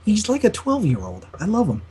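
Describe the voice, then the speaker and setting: A man's voice: sits high, wildly swooping pitch, a little fast, a crowd in the background. A young man co-hosting a casual gaming podcast, sarcastic and teasing, laughing often. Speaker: podcast co-host.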